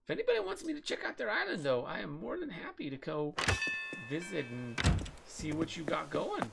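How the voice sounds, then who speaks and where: A man casually commentating his game on a live stream, with playful, jokey deadpan asides. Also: fairly high pitch, a little fast, gravelly, heavy background noise. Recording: game music loud under voice. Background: loud game music.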